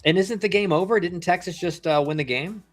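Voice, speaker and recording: Over soft background music, a former professional ballplayer in his thirties comments on a live game for a livestream in a high voice at a fairly quick pace. His commentary is relaxed, talkative and meandering, peppered with slang asides.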